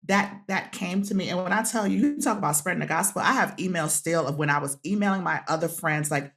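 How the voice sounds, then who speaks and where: A woman who is a podcast guest, telling a heartfelt story in an animated way, acting out quotes and laughing often. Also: low voice, brisk, creaky, hardly any pauses.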